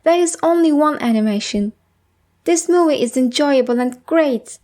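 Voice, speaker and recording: A woman's voice: high-pitched, expressive, moderate pace, dark tone. A woman voicing a sick young boy who sounds plaintive and a bit whiny.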